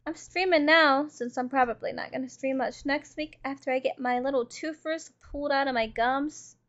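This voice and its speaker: In a high, slightly bright voice at normal speed, a woman streams herself gaming and talks profanely and casually with her chat. The sound is lo-fi.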